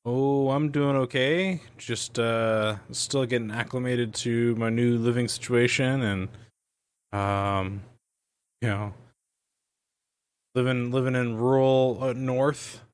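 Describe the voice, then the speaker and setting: A man's voice: mid-range voice, fairly even intonation, slow pace, clear, resonant tone. A young adult man hosting a podcast, talking casually and loosely with many fillers. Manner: loose and rambling, many fillers like "you know" and "like". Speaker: podcast host.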